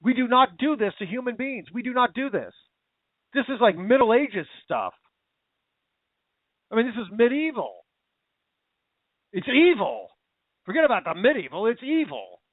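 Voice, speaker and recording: An extremely high-pitched man with big pitch swings hosts a talk radio show, pausing often as he rants at normal speed. His angry, emotional monologue keeps circling back on itself as his temper rises, recorded dry with a tinny, phone-like tone.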